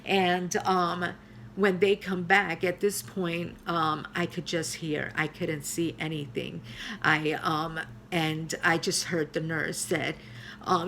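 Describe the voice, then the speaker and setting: A middle-aged woman pastor telling her personal testimony in an earnest way, with many pauses and fillers. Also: fairly low pitch, level tone, fairly bright tone, slight background noise.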